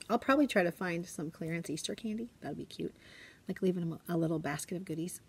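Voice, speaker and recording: Chatty teacher woman, low voice. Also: gravelly, husky. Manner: chatty, often drops to a hushed whisper. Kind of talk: casual classroom vlog chat. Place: classroom.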